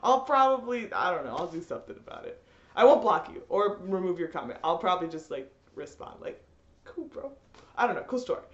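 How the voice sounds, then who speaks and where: A woman ranting in a rambling, animated way, full of fillers, in a roomy, slightly dull recording. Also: lowish voice, fast. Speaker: vlogger. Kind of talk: ranting commentary.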